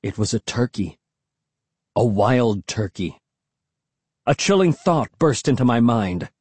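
An audiobook narrator giving a dramatic, expressive first-person reading. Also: medium pitch, slow pace, husky, no room sound.

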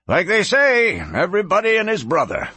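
A man doing a chatty, high-voiced saloon-keeper. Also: huge pitch swings, normal speed, bright, forceful tone, slightly rough, no echo, exaggerated voice. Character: talkative nervous older male saloon-keeper.

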